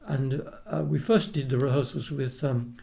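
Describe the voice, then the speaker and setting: A man's voice: mid-range voice, steady tone, moderate pace, creaky, warm tone. An older Australian man, a retired opera tenor, tells rambling anecdotes in a casual interview, restarting sentences and acting out the people he quotes.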